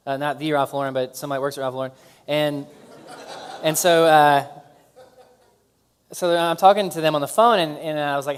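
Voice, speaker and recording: A man giving a casual talk to an audience about his work, halting with fillers and restarts. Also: a little high, fairly even intonation, clear, resonant tone. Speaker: speaker telling his business story.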